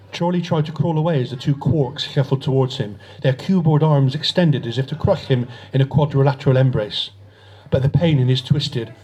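A man reading a sci-fi story aloud in a steady narrating voice, with occasional slips. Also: medium pitch, husky. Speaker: reader. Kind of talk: audiobook narration.

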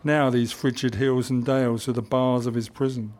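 Guy reading an audiobook, steady storyteller voice, middle pitch. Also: normal speed. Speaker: narrator. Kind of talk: audiobook narration.

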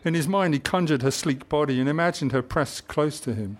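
A man reading a historical adventure novel aloud in measured audiobook narration. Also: on the high side.

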